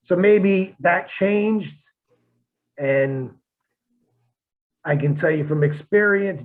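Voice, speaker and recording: A former wrestler on a podcast, talking in a blunt, profane, rambling way with many restarts. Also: male voice, a little high. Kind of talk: casual podcast chat. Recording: tinny phone-like line.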